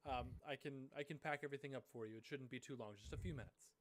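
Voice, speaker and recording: A man's voice: mid-range voice, fast talker, a little hiss or hum, natural voice. A man voicing a courteous, slightly hesitant young farm woman in a tabletop game. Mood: polite. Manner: courteous, soft-spoken, with small hesitations.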